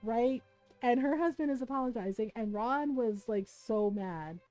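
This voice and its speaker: A woman from the United States tells a story on a livestream in an animated, swearing, laugh-filled way. Her voice sits a little high with a mellow, warm tone. Faint game music plays underneath. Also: moderate pace, dry recording, poor audio. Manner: animated retelling, swears freely, laughs often. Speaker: streamer.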